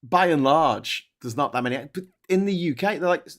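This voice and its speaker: A man's voice: a little high, expressive, moderate pace, fairly bright tone. A man hosting a casual chat show, chatty, swearing freely and laughing often. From England. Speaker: host.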